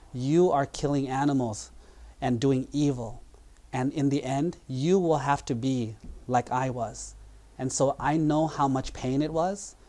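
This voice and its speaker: A man voicing a wise, compassionate old male goat in a spoken parable, speaking slowly and gently. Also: medium pitch, natural voice.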